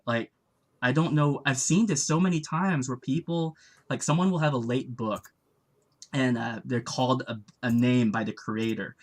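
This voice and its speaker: A man's voice: mid-range voice, moderate pace. Chatty man acting out quotes. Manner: animated, acts out quoted people. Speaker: comic creator and stream co-host. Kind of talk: casual chat on a live stream.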